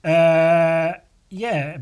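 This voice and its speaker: A man hosting a casual solo podcast, hoarse and losing his voice, rambling, swearing freely and putting himself down. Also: on the high side, fairly even intonation, very slow, a little mellow. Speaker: podcast host.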